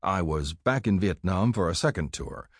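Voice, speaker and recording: An older man from California reading his own memoir aloud in a measured, plain storytelling manner. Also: low-pitched, lively intonation, husky, no room sound, studio quality. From California, USA. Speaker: author narrating his memoir. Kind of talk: audiobook memoir narration.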